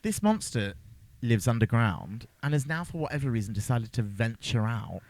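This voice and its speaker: A man's voice: mid-range voice, normal speed, no echo. A man co-hosting a podcast, chatting casually and jokingly about a horror film. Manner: jokey, animated, slips into silly voices. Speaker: podcast co-host. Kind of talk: casual film review chat.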